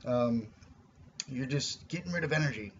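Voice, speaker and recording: A man's voice: mid-range voice, expressive, moderate pace, lo-fi sound, slight background noise. A man giving a casual, rambling spiritual teaching, earnest and informal, with many restarts and the odd swear word.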